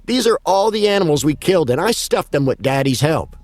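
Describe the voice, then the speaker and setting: A man voicing a cheerful little girl who talks brightly about her unsettling hobby. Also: fairly high pitch, lively intonation, fairly quick, dry recording, voice pushed up. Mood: jolly. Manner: jolly, chuckling.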